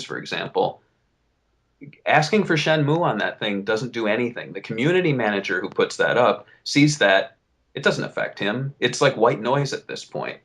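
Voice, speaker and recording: Animated, swearing young man, low voice. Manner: animated, swearing, riffs and vents. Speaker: podcast co-host. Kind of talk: casual podcast chat.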